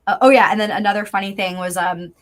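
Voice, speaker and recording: Female voice actor guest, mid-pitched, chatty and bubbly, filler-heavy, on a video call. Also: steady tone. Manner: chatty and bubbly, many fillers, quick laughs. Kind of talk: casual live interview chat.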